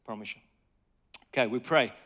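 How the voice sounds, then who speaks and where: Bright-voiced man preaching with lively stories. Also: medium pitch, normal speed. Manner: lively storyteller, asks the audience questions. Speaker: preacher teaching on evangelism. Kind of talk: conversational sermon talk.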